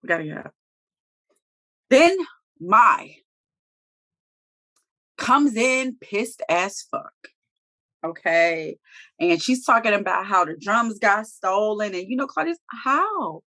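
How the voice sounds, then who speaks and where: Her voice is medium-pitched, slow, and full of pauses. She's co-hosting a casual chat reviewing a TV episode, recounting the scenes in blunt slang with animated, profane storytelling.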